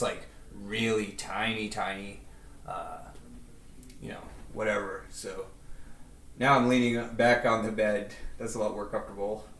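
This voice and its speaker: A man rambles casually through a vlog, poking fun at himself as he goes. His voice sits at a middling pitch and comes through a headset. There is a roomy echo from the bedroom around him. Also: distant mic. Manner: rambling, self-deprecating. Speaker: video creator.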